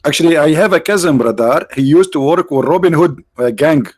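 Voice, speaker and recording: A man's voice: fairly high pitch, a little fast, darkish tone, breathy edge, dry recording. Sarcastic man hosting a debate livestream. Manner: mocking, sarcastic, with broken English phrasing. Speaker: livestream host. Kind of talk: livestreamed religious debate commentary.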